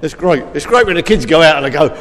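A man's voice: fairly high pitch, animated, quick pace, fairly bright tone. Chatty man in a reverberant hall. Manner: chatty and rambling, with many fillers and restarts. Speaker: school assembly speaker. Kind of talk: informal assembly talk with Bible reading.

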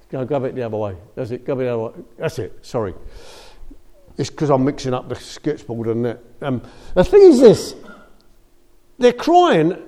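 A man's voice: a little high, dark tone. A man giving an informal, conversational sermon that rises to emphatic outbursts. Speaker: preacher.

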